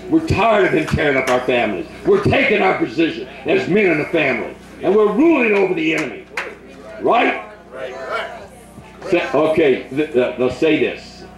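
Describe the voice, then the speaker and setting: An older man preaching at a revival, leading a crowd in shouted call-and-response prayer. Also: on the high side, very animated, normal speed, reverberant, faint music behind, poor audio.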